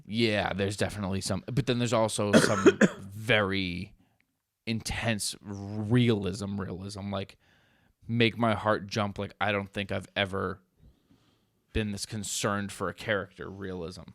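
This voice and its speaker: A man with a low voice chats on a podcast, retelling film scenes with lively, swearing energy. The recording is dry and close, with no room sound. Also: measured pace, no echo. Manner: animated storyteller, swears casually. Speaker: podcast co-host. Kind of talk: casual chat.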